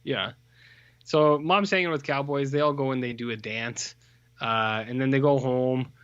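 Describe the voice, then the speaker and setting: A man co-hosts a podcast, rambling through a film review with plenty of fillers and jokey put-on voices. His voice is mid-pitched, and the recording is dry and a little muffled. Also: moderate pace, smooth, dry recording. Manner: rambling, animated, full of fillers, mocks characters in put-on voices. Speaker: podcast co-host. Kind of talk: casual film review chat.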